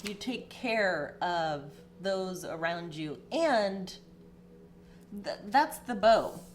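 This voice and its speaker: A woman's voice: expressive, drawn-out words, slight background noise. A woman giving a casual, emotional spiritual tarot reading, chatty with many fillers and sometimes teary. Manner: emotional, gets teary and pitch rises. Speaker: tarot reader.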